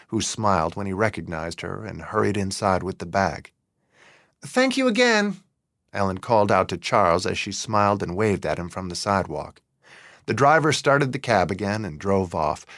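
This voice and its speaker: A man reading a novel as an audiobook narrator in a calm, measured way. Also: fairly low pitch, no room sound, clean studio sound. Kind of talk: scripted narration.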